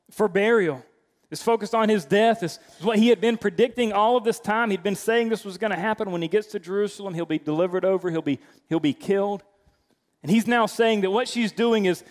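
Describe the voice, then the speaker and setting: A man with a fairly high voice delivers a sermon in a loose, conversational way, often restarting his phrases. He sounds like a pastor speaking from the front of a church. A long reverb tail hangs behind his voice. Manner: conversational preaching with frequent restarts.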